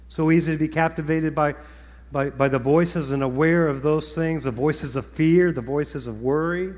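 Male pastor, conversational sermon, higher voice, big reverberant hall. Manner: conversational, stammered repeats. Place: large church hall.

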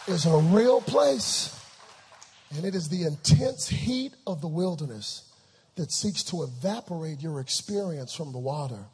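A man in his thirties preaching a live sermon in a church, dramatic call-and-response delivery that swings from hushed to shouting. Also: a little high, expressive, a little slow, slight background noise. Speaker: pastor.

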